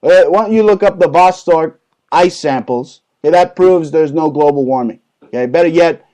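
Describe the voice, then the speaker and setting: A male host rants in a combative, profane way, stopping to jab "okay?" and "right?" at listeners. His voice sits a bit high for a man. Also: normal speed, dark tone. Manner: profane, combative rant with constant "okay?" tags. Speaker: show host. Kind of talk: satirical ranting chat.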